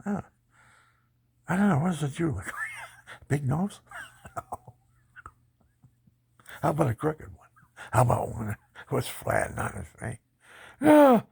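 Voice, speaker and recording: A man telling his life story in a personal testimony, animated and boastful, laughing often. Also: fairly high pitch, measured pace, creaky, long pauses, slightly rough, no echo.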